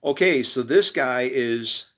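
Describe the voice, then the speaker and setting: Slow-talking guy on a live stream, fed up and laughing it off, cursing at stuff. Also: mid-range voice. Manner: exasperated, laughing often, swearing; talks to viewers directly. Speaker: streamer studying scripture. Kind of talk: rambling live-stream monologue.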